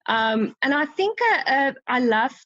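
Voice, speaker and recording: A woman, a guest on a podcast, talking emotionally and warmly and often restarting her sentences. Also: high voice, sing-song, a little slow, no echo, highs cut off. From South Africa. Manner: emotional, warm, with many restarts.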